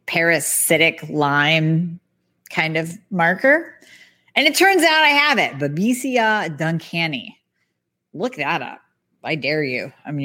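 A woman podcast host, a health practitioner, talking through lab results in a lively, conversational way. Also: deep voice. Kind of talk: casual explanatory podcast talk.

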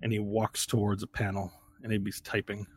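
A man's voice: on the low side, flat delivery, moderate pace, slightly rough. A man narrating a tabletop game as game master, describing scenes in vivid, rambling storytelling with restarts.

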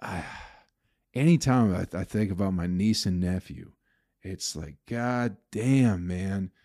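A man's voice: deep voice, unhurried, mellow, dry recording, clean studio sound. A young man hosting his own comedy podcast, ranting in a profane, exasperated way as he rambles alone at the mic. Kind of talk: solo rambling podcast monologue.

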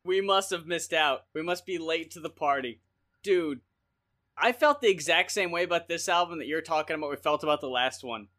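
Co-host dude, bright sharp high voice, emphatic, agrees a lot. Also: male voice. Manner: emphatic, quick to agree, laughs along. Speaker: podcast co-host. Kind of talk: casual review chat.

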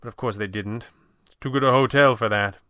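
A man reading an audiobook voices a polite, composed wealthy young gentleman who speaks in a courteous, measured, formal way. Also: mid-range voice, no echo, clean studio sound, lightly acted. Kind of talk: audiobook narration.

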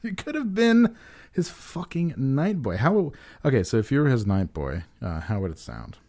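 A man's voice: mid-range voice, big pitch swings, moderate pace, darkish tone. A man co-hosting a casual chat who jokes around and often trails off mid-thought. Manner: joking, trails off, does bits.

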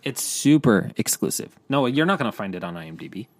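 A man co-hosting a casual entertainment news podcast, chatty and quick to restart his sentences. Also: lowish voice, sing-song, no room sound.

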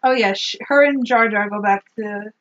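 A woman co-hosting a casual movie recap, sarcastic and animated, swearing freely. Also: mid-range voice, moderate pace, muffled recording. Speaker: podcast co-host.

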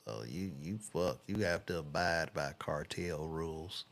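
A man's voice: a bass voice, measured pace, vocal fry. A man casually reading celebrity news aloud and reacting with loose, profane commentary while he browses.

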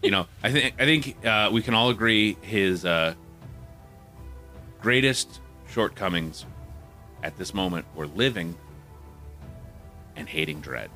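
Animated sarcastic man co-hosting a podcast. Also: low voice, a little slow, pauses often, faint music behind. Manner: sarcastic, ranting, swears, mock voices. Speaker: podcast co-host. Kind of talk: casual comedic chat.

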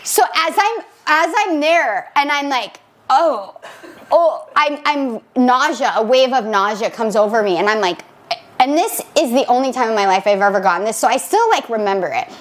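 High-voiced woman telling a wild story. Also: normal speed, low-quality recording. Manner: animated storyteller, laughing, acting out her own lines in higher voice. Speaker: podcast co-host. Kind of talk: casual chat, storytelling.

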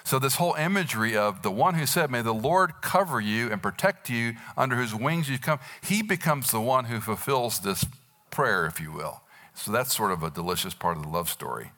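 A man's voice: medium pitch, expressive, moderate pace, pushed and bright. A man in his sixties preaching a sermon, telling a Bible story and acting out the quotes with animation. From United States. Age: 60s. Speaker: pastor.

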